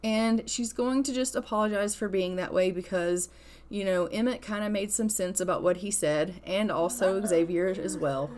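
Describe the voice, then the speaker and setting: A woman narrates her life-sim gameplay in a relaxed, chatty way, retelling what her characters do. Her voice sits at an ordinary middle pitch. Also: normal speed. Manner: chatty, retells scenes with "she's like". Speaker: gaming creator. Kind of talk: casual let's-play narration.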